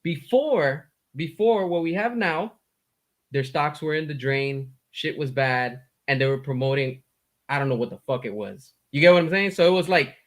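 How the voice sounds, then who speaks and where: A man's voice: a little high, normal speed. A man speaking bluntly and emphatically in a casual chat.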